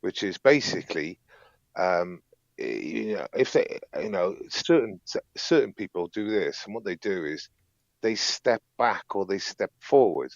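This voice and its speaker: A man calling in to a live stream who talks in a halting, stammering way and chuckles between his words. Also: low voice, lively intonation, vocal fry, no room sound, highs cut off. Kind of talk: casual chat.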